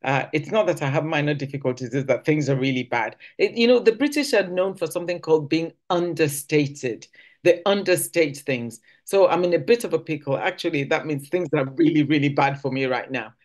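Woman church speaker, chatty teaching tone, voices quoted phrases with big pitch leaps. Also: brisk, a little mellow.

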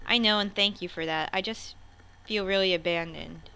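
A woman reading out the chat messages of a young female high school friend, over game music and keyboard typing. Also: steady tone, moderate pace, creaky, close to an everyday voice. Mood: sad. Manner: reads chat messages aloud.

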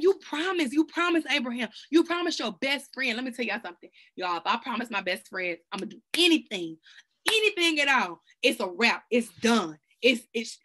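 A woman with a high, bright voice teaches scripture in a casual way, talking straight to her viewers. She is excitable and full of slang, and she keeps wandering off topic before pulling herself back. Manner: excitable, colloquial, sidetracked, slang-heavy. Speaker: Bible study teacher. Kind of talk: casual preaching to camera. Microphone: self-recorded video.

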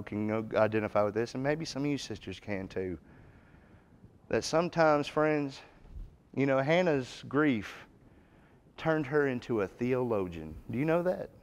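A man's voice: medium pitch, a little mellow. A man preaching a folksy, emphatic Bible class sermon in a church, rising in force when he reads scripture. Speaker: guest preacher. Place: church auditorium.

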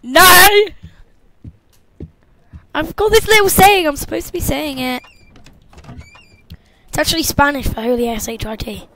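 A woman's voice: high voice, expressive, normal speed, pauses often, slight background noise. A woman playing a horror game, goofy and jumpy, muttering and whispering to herself and shrieking at the scares. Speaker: gamer. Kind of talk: horror let's-play commentary.

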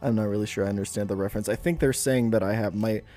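A young man from Germany with a German accent, reacting to memes in a sarcastic, profane, animated way as a streamer. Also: on the low side, rapid-fire, soft background music. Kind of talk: casual meme reaction commentary.

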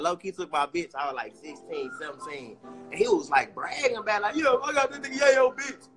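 A man in his twenties, a rapper guest telling stories in a casual interview, animated and boastful, full of profane street slang. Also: fairly high pitch.

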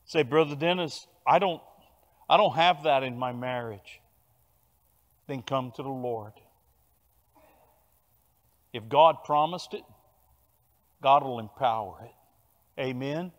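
An older man with a Cajun Louisiana accent preaching a sermon, telling stories with animated bursts of loud emphasis. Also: mid-range voice, slow, long pauses, highs cut off. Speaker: pastor. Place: large church sanctuary. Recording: long church hall reverb.

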